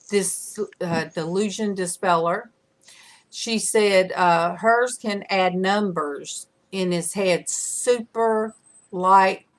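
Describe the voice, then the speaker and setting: A middle-aged woman hosting a casual livestream chat, rambling with lots of fillers. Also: lowish voice. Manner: chatty, rambling with many fillers. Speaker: livestream host. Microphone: camera mic.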